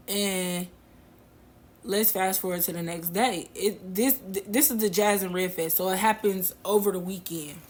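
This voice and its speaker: A woman casually telling a personal story to her viewers, slangy and laughing as she goes. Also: mid-range voice.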